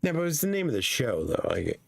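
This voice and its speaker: A man in casual podcast chat, hoarse with his voice nearly gone, swearing casually and laughing often. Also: fairly high pitch, huge pitch swings, fast, no room sound. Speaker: podcast guest.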